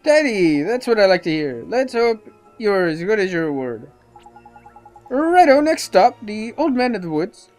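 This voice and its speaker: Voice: medium pitch, unhurried, soft background music, pitched above the performer's own voice. A gamer putting on a chirpy fairy sidekick voice. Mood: chipper. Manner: exaggerated, animated reading. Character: cheeky little male fairy sidekick, folksy.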